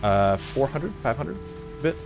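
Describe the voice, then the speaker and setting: A man's voice: medium pitch, sing-song, measured pace, vocal fry, music in the background. A man streaming a video game, chatting casually in a rambling, frank and profane way, full of fillers. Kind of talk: casual chat while playing.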